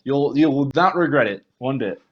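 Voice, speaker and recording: A woman's voice: very deep voice, animated, normal speed, lo-fi sound. A woman appearing as a guest on an interview show, agreeing often and paying the host compliments in casual chat. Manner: warm, complimentary, frequent agreeing murmurs.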